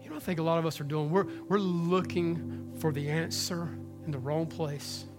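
A man's voice: fairly high pitch, fairly even intonation, moderate pace, over music. Impassioned man preaching a sermon. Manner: impassioned, swings between hushed and loud. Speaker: pastor. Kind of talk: Easter sermon. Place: church hall with congregation.

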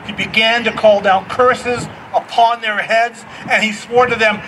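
Middle-aged male pastor, bright voice, lively storytelling sermon that acts out voices; recorded a bit off-mic. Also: sits high, unhurried, few pauses, distant mic, a little hiss or hum, poor audio. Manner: animated, acts out voices in his stories.

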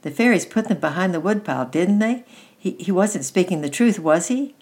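A woman's voice: on the low side, lively intonation, normal speed, a little mellow, pitched above the performer's own voice. A woman reading aloud, voicing a cheerful five-year-old boy who asks eager, insistent questions.

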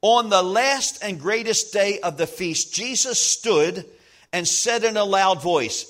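A man preaching a sermon as pastor, emphatic, slowing down to stress key lines and acting out little everyday scenes. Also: sits high, expressive, a bit bright.

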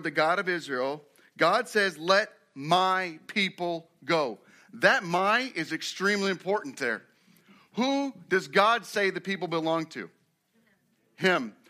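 A man preaching a sermon, who moves from quiet storytelling to loud, emphatic preaching and asks his congregation questions. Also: fairly high pitch. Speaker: pastor.

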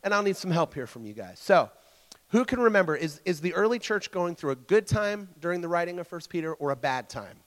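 A man delivers a relaxed, conversational sermon in a fairly high voice for a man. He trips over and repeats words as he talks, tossing questions back at his listeners. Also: fairly quick, in a large hall. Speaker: preacher teaching a church group. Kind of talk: casual interactive sermon.

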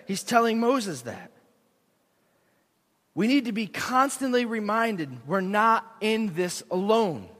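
A young man preaching a sermon in a church, earnest and animated, poking fun at himself. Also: sits high. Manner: earnest, animated, self-deprecating. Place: church sanctuary. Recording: long echo of a large hall.

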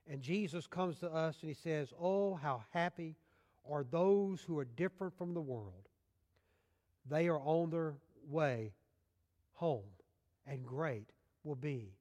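A male pastor delivering a sermon, booming out scripture quotes and then dropping to soft, low appeals to his listeners. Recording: long hall reverb.

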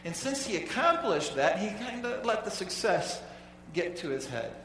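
A male pastor preaching a sermon to his congregation in a casual, halting way, often repeating words as he goes. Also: high voice, very animated, a bit bright, a little hiss or hum. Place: church sanctuary. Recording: echoey hall, voice from far off.

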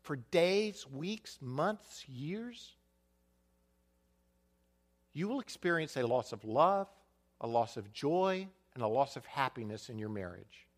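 A man preaching a sermon as pastor, animated, dropping to a quiet voice for emphasis and muttering to act out complaining people. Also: medium pitch, slow, pauses often.

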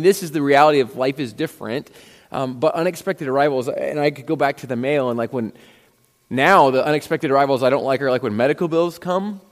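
A man preaching a sermon as a pastor, telling stories in a conversational way and acting out the dialogue. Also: medium pitch. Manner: conversational storytelling with quoted dialogue. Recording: long hall reverb.

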